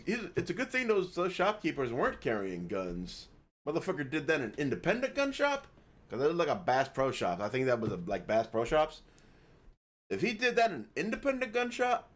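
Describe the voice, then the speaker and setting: A young man giving casual, profane, rambling reaction commentary on a video as a gaming YouTuber. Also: on the high side.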